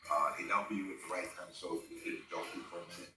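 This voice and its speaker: A man in a documentary interview, calmly explaining a player's tactics. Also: low-pitched, fast talker, far from the mic. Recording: roomy, off-mic, music.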